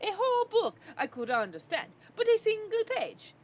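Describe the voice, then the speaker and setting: A woman voicing a vain, touchy male photographer from a game with a put-on Italian accent and a lively, indignant delivery. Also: very high-pitched, normal speed, faint music behind. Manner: indignant and boastful. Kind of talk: reading a game aloud on stream.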